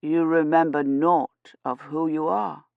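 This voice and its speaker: A woman voicing a grave, kindly medieval village priest who speaks slowly and gently. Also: deep voice, fairly even intonation, vocal fry, no room sound, narrow, tinny audio, full character voice. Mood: gentle, concerned. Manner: slow, gentle, questioning.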